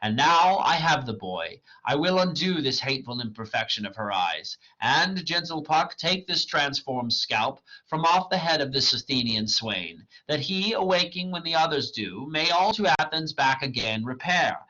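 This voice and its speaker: A man's voice: a little high, lively intonation, moderate pace, few pauses, bright, forceful tone. A man reading the part of a proud male fairy king, in a stately recital. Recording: lo-fi dull recording.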